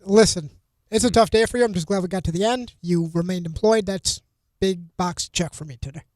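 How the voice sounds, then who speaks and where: A man's voice: high-pitched, brisk, darkish tone, dry recording. A male radio show producer chiming in with dry, needling remarks in studio banter. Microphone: studio mic.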